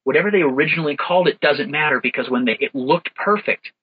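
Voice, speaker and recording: A man's voice: fairly high pitch, quick pace, husky. A man brainstorming names in a casual chat, thinking aloud and reading out definitions. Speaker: worldbuilding co-creator. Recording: dull lo-fi sound.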